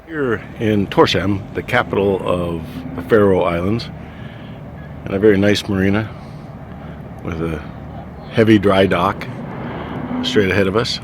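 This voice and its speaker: A man narrating casually to the camera, relaxed, commenting on the boats around him. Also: deep voice. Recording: clear outdoor noise behind the voice.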